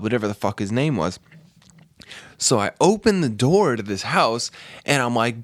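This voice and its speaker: A man's voice: mid-range voice, lively intonation, moderate pace, fairly bright tone, dry recording. A man hosting a casual podcast, telling a story animatedly, acting out quotes and swearing freely. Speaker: podcast host. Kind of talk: casual chat.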